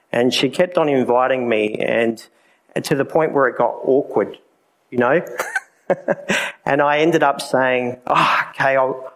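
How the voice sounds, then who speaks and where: A man's voice: medium pitch, poor audio. Candid man sharing his testimony. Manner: candid, conversational, with many fillers. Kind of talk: personal testimony from the pulpit.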